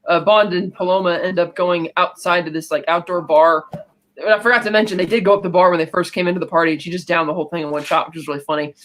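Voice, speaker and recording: A podcast co-host giving a casual, rambling movie recap, acting out quick lines of dialogue along the way. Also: medium pitch, fairly even intonation, a bit bright. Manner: rapid, rambling retelling with quick acted-out quotes and fillers.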